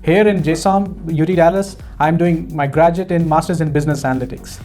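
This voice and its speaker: A man's voice: a little high, steady tone, fairly quick, darkish tone, soft background music. A young man from Punjab with an Indian accent, earnestly telling his story as an interview guest, often repeating words as he searches for phrasing. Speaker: graduate student guest. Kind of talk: casual interview.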